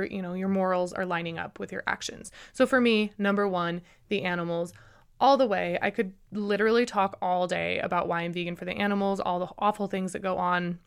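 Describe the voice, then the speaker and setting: Earnest woman podcaster, emphatic. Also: mid-range voice. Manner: earnest, emphatic, rambling with restarts. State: a little emotional. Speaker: podcast host. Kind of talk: casual solo podcast monologue.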